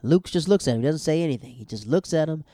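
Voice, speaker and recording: Young male recapper, slangy and animated, warm tone, dry booth. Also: fast, no room sound. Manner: animated, slangy, jumps to high exclaiming bursts. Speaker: show recapper. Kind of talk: casual episode recap.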